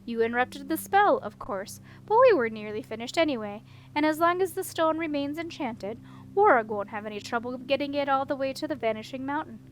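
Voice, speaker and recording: A woman reading the part of a smug, scheming male head wizard in an audiobook, calm and self-assured. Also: high voice, fairly quick, a little hiss or hum.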